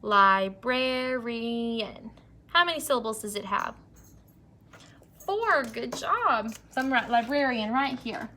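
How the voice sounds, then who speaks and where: A young woman teacher leading an early-grade phonics lesson, stretching out words slowly and praising the children. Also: a little high, very animated, bright, forceful tone, a little hiss or hum. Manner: slow, drawn-out word modeling, encouraging.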